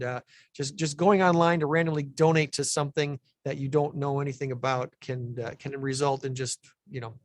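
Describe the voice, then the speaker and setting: A man's voice: a little high, no room sound. A man co-hosting a local radio show, chatting casually and rambling with plenty of fillers and restarts. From Illinois, USA.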